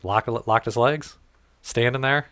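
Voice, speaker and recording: Speaking at a measured pace in a medium pitch, the podcast host comes through on a dry, clean studio recording. He tells a story in easygoing chat, swears freely and performs people's quoted lines with animation.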